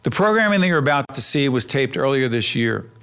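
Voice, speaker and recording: Male show host, playful banter, mid pitch, easygoing. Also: big pitch swings, a little fast, fairly bright tone. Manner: bantering, teasing. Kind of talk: studio talk show banter.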